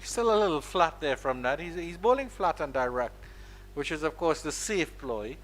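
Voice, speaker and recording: A Caribbean man calling a cricket match live, with a bright, forceful voice pitched on the high side. He plays with words and jumps up in pitch when the ball runs to the boundary. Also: lively intonation, moderate pace. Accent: Caribbean English. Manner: playful, rises sharply on boundaries. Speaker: cricket commentator.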